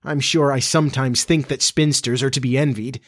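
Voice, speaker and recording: A man's voice: mid-range voice, fairly even intonation, normal speed, natural voice. A man voicing a fussy, motherly young girl playing house in a storybook, prim and scolding.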